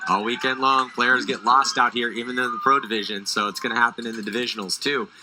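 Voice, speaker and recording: A man giving analytical, steady live sports commentary. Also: mid-range voice, quick pace, background noise. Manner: analytical, steady play calling. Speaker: color commentator.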